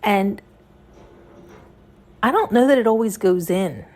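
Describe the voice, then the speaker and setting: A woman's voice: medium pitch, animated, takes it slowly, darkish tone. A woman hosting a podcast, talking in a rambling, frank and profane monologue. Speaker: podcast host. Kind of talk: casual intuitive monologue.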